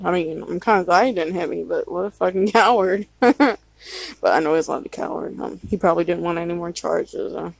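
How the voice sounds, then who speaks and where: A woman telling a casual story about her past in a quiet voice, swearing freely and filling pauses with "like" and "um". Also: fairly low pitch, vocal fry, no echo, rough recording. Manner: quiet-spoken, swears freely, frequent fillers.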